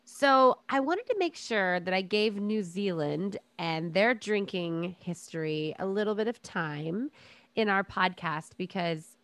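A woman's voice: medium pitch, measured pace, fairly bright tone, no echo. A woman co-hosting a podcast, talking casually and rambling a bit, laughing at her own slips. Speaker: podcast co-host. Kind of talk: casual chat.

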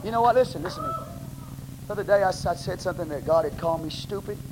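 A man with a Texan accent, preaching a sermon as pastor in a blunt, plain-spoken way, bursting into shouts. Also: high-pitched, animated, racing. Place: church sanctuary. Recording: noisy live church recording.

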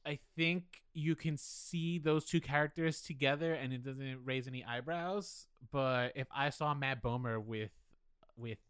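Measured and mid-range, with a slightly bright, clear, resonant tone, a male co-host gives candid, opinionated views on films during a relaxed podcast chat. He owns his bias with a self-deprecating touch. Audio is dry and studio-clean.

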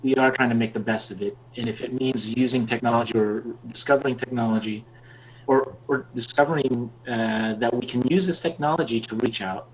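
A man as a podcast guest speaking over a video call, earnest and halting with restarts. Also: mid-range voice. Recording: dull lo-fi video call audio.

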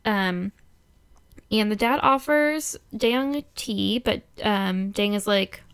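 A woman co-hosting a casual chat, recapping a drama with lots of laughs and quick quoted asides. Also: mid-range voice, clean tone. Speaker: podcast co-host recapping a drama.

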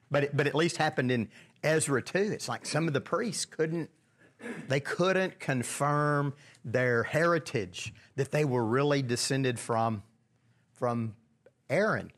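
A man's voice: mid-range voice, fairly bright tone. A man leading a casual Bible study, talking conversationally, asking the group questions and often restarting his sentences.

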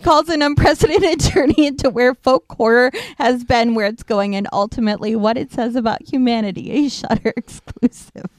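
A woman's voice: a little high, normal speed, few pauses, dry recording. A woman co-hosting a casual film podcast, reading aloud and breaking into laughing fits. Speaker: podcast co-host.

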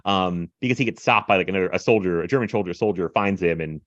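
Chatty man with a lowish voice. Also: fast talker, no room sound, lo-fi sound. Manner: animated, filler-heavy retelling with laughs and mimicry. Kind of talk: casual film review chat.

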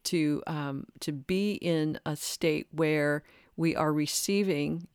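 A woman's voice: low voice, steady tone, slow, a little mellow, clear, resonant tone, no room sound, studio quality. A middle-aged woman hosting a spiritual podcast, talking earnestly through a reflective monologue. She laughs at herself now and then and acts out her own inner complaints. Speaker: podcast host.

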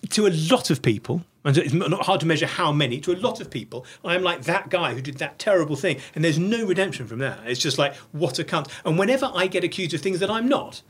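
A man's voice: fairly high pitch, animated, quick pace, hardly any pauses, a bit bright, breathy edge. A middle-aged man talking as an interview guest, blunt and profane, tumbling over restarts as he speaks. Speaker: podcast guest. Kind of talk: candid interview conversation.

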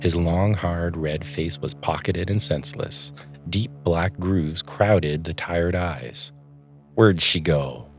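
A man narrating a story aloud in a calm, measured reading voice. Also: sits low, faint music behind.

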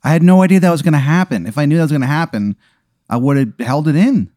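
Deadpan man cursing through a bit. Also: fairly high pitch, fast, dry recording, studio quality. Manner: deadpan, cursing, flat replies. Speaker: comedy podcast co-host. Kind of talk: improvised comedic reactions.

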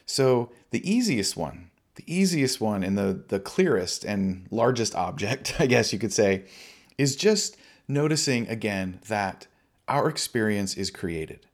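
A man giving a relaxed, conversational dharma talk on meditation, often laughing lightly at himself. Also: fairly low pitch, unhurried. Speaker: meditation teacher.

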